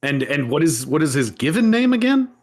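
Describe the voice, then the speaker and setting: A man co-hosting a casual podcast, his voice swinging widely up and down as he reacts. He jumps in with quick questions, laughs freely and lets out the odd curse. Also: on the high side, sing-song. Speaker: podcast co-host. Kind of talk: casual chat.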